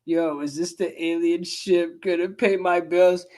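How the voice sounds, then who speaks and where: A man's voice: sits high, fairly even intonation, a little slow, a little mellow. A man hosting a casual livestream, rambling loosely, swearing and joking with his chat. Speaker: livestream host reacting to clips.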